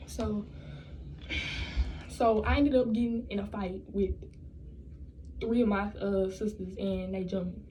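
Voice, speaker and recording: A woman's voice: mid-range voice, fairly even intonation, a little slow, pauses often, warm tone, slight background noise, rough recording. A young woman telling a personal story in a casual storytime vlog, blunt and profane, rambling and restarting her sentences. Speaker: vlogger.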